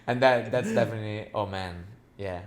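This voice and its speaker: Low-voiced hesitant man. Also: fairly quick. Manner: hesitant, lots of fillers, reflective. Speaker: podcast co-host, men's coach. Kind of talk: casual chat.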